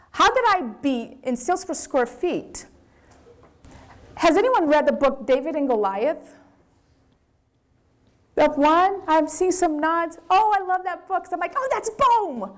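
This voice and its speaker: A woman with a Brazilian accent, a business owner giving a candid, animated lecture to students. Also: high voice. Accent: Brazilian Portuguese. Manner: animated, candid storytelling with acted quotes.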